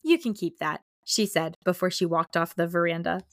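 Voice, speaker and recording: Animated young woman chatting about a book. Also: fairly low pitch, moderate pace, dry recording, clean studio sound. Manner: animated, reads book passages aloud and acts out characters. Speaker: podcast co-host. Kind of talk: casual book-club chat.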